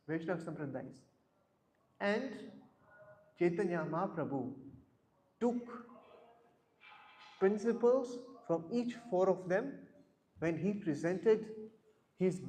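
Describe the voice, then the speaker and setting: A man's voice: high voice, dark tone. A man giving a scripture class in a temple hall, explaining verses word by word and putting questions to his listeners. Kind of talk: Bhagavad Gita class talk. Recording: roomy echo.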